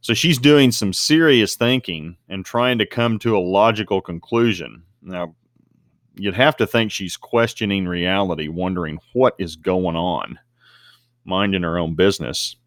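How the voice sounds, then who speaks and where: Deep-voiced man teaching scripture. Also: fairly bright tone, no room sound, studio quality. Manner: slows down to stress Greek words. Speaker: Bible teacher. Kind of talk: scripture study talk. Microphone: desk mic at a computer screen recording.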